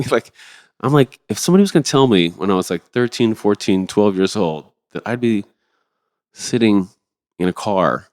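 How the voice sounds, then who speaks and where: A middle-aged man tells a long story in a loose, rambling way, cursing casually. His voice sits fairly low, and it jumps around a lot when he gets excited. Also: normal speed. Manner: rambling, animated, swears freely. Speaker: podcast guest, drummer.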